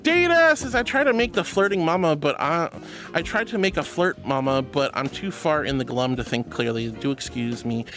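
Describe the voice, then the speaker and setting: A woman's voice: lively intonation, normal speed, a bit bright, faint music behind. A woman streamer reading her livestream chat aloud, doting on viewers and calling them honey and sweetie. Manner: affectionate, calls everyone honey and sweetie; bubbly with squealing high greetings. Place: virtual reality stream setup.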